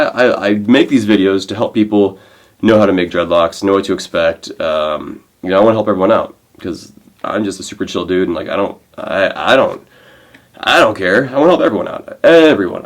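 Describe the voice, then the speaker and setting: A young man chatting casually to camera in his vlog, rambling and telling stories with lots of fillers and restarts. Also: deep voice. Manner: rambling, animated storytelling with many fillers and restarts. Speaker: vlogger.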